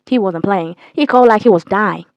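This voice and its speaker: A young woman telling a casual, profane storytime with a blunt, animated delivery. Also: mid-range voice, a little fast, dry recording, lo-fi sound. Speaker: storytime vlogger.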